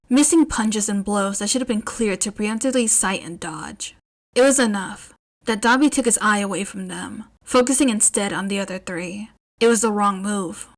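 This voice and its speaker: Female podfic reader, expressive narration, lively and chatty. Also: mid-range voice. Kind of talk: fan fiction podfic narration.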